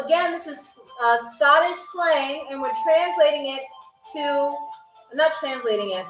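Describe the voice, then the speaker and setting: A woman's voice: high-pitched, reverberant, poor audio. A woman hosting a live-streamed trivia game show, chatting playfully with viewers and teasing them as they answer.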